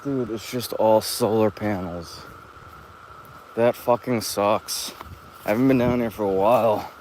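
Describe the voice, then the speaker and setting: A man's voice: on the low side, unhurried, darkish tone, slight background noise. A man in his thirties, talking casually and profanely as he walks outdoors, telling stories in a chatty, rambling way. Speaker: vlogger. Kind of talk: casual rambling walk-and-talk. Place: outdoors, walking around an open lot.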